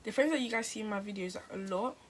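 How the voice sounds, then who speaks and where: A woman's voice: medium pitch, very fast, slight background noise. A teenage girl, telling a story to camera in a rambling, chatty way. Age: teens. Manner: rambling and chatty, full of "like" and restarts. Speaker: vlogger. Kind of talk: casual storytime chat.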